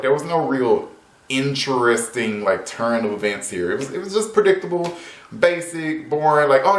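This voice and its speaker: A man casually reviewing a TV episode, sarcastic and exasperated. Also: medium pitch. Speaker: TV show reviewer. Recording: roomy echo.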